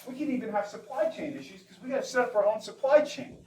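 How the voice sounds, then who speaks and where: A man teaching a class, lively and peppering students with questions. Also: very high voice, fast talker, recorded from a distance. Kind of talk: classroom lecture.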